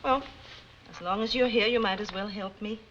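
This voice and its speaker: A woman's voice: mid-range voice, moderate pace, background noise, lightly acted. A woman playing a poised gallery owner. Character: poised woman who owns an art gallery. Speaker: art gallery owner and wife. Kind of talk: 1950s TV drama acting. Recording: dull lo-fi 1950s TV soundtrack.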